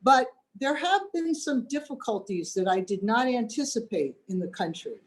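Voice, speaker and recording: A woman's voice: on the high side, very animated, normal speed. Dry-witted older woman doing stand-up. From United States. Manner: dry, wry delivery with acted-out quotes. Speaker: stand-up comedian. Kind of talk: stand-up routine over video call. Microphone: video call.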